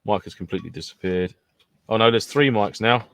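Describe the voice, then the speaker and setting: A man's voice: lowish voice, fairly quick, fairly bright tone, clean tone, dry recording. Joking man, dry sound. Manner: banter, laughs often. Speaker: podcast co-host. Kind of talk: casual chat.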